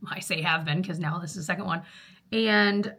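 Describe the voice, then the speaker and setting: Bright, chatty woman vlogger. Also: on the low side. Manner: chatty and rambling, with frequent fillers and quick laughs. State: out of breath. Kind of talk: casual chat to camera.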